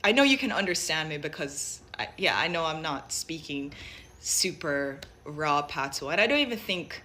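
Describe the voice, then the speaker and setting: A woman's voice: low voice, expressive, moderate pace, pushed and bright. A young woman from Jamaica with a light Jamaican accent blended with American speech. She thinks aloud in a casual, rambling monologue full of fillers and restarts. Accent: light Jamaican mixed with American.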